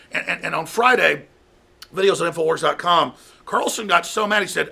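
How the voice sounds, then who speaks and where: A man's voice: a little high, a little fast, vocal fry, bright, forceful tone, breathy edge. A man hosting a talk show, delivering an angry political rant and mocking opponents. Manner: ranting, mocking, mimics opponents in a raised voice.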